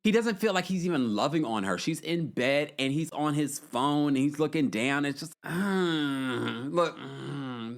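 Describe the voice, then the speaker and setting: A man's voice: fairly high pitch, lively intonation, unhurried, gravelly, hardly any pauses. A man hosting a casual recap podcast, chatty and opinionated, reading comments from a live chat and often breaking into laughter. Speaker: podcast host.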